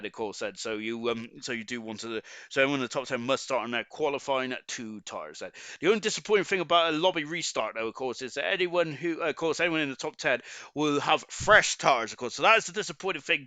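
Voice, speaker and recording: A man with a Forest of Dean accent, chatting halting and full of ums as he commentates a sim racing league stream and reads out the chat. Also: fairly high pitch, pushed and bright, clear, resonant tone, no room sound. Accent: Forest of Dean (Gloucestershire) English. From Forest of Dean, England. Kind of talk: live stream race commentary, reading chat.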